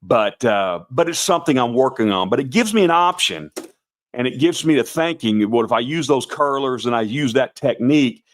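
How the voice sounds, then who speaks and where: A middle-aged man with a slightly raspy voice chats casually to viewers on a live stream. He rambles in a folksy way, restarts his sentences and keeps calling people "brother" and "guys". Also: mid-range voice, animated, normal speed. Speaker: host of a Santa performer show.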